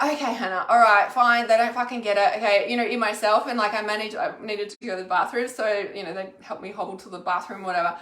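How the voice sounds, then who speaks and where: A woman's voice: fairly high pitch, pushed and bright. A woman and intuitive healer talking candidly to her viewers, frank and sweary, peppering her speech with "like" and asking "okay?". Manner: frank and sweary, with frequent "like" and "okay?" check-ins. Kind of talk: casual, candid vlog talk to viewers. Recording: echoey room.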